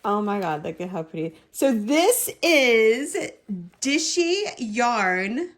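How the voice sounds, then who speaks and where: A woman crochet vlogger chatting through an excited unboxing, gushing and repeating her words for emphasis. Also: on the high side, slow.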